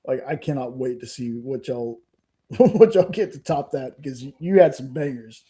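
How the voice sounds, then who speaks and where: A man's voice: mid-range voice, expressive, moderate pace, mellow. A man co-hosting a live comics hangout stream, chatting casually and enthusiastically, often repeating himself. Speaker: podcast co-host. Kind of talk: casual chat.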